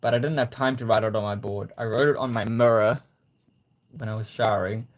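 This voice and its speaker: A young man hosting a casual livestream, reading viewer comments and gently encouraging them. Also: fairly low pitch, steady tone, brisk. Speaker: livestream host.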